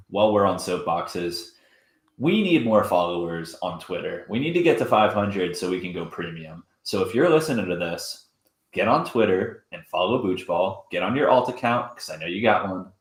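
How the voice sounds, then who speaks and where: A young man co-hosting a podcast, chatting casually in a dry, deadpan way. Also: sits low, normal speed. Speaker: podcast co-host. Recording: roomy echo.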